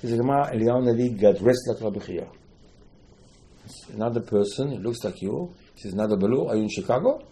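A man teaching a Torah class as a lively storyteller, repeating phrases and mixing in Hebrew terms. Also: on the low side, fast talker. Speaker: rabbi teaching Talmud.

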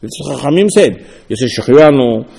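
A man's voice: a little fast, creaky, slightly rough. A man teaching a sermon as a rabbi, acting out the dialogue animatedly. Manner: animated, dramatizing dialogue with swings in pitch and loudness. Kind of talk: sermon with acted-out quotes. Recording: long hall reverb.

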